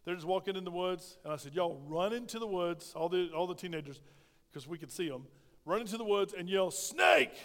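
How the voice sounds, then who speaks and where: A man's voice: high-pitched, fairly quick, in a large hall. A middle-aged male pastor, preaching a folksy, emphatic sermon that calls for amens from the congregation. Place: church sanctuary.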